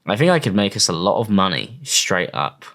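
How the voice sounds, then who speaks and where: Sarcastic young man, lively pitch. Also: a little fast. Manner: sarcastic, mocking, swears freely. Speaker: commentary YouTuber. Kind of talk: casual online commentary.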